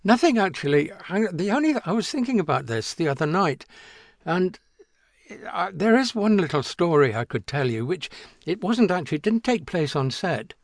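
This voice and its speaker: A man in his seventies, an actor being interviewed, telling an anecdote in a halting way with many restarts and fillers. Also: sits high, big pitch swings, no room sound, studio quality. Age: 70s. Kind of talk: reminiscing anecdote.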